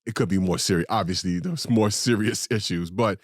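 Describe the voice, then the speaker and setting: A man's voice: fairly low pitch, no echo, clean studio sound. A man co-hosting a casual chat show, talking in rambling bursts with many restarts. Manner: animated, rambling, halting restarts. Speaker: co-host.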